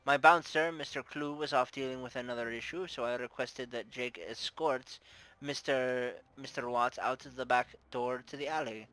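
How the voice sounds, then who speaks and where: A man's voice: mid-range voice, fairly even intonation, normal speed, pushed and bright, close to an everyday voice, low-quality recording. A man voicing a shrewd, playful madam who runs her house with formal, teasing grace, in a put-on Russian accent. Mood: gracious. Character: shrewd playful female brothel madam, middle-aged. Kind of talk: tabletop game character voice.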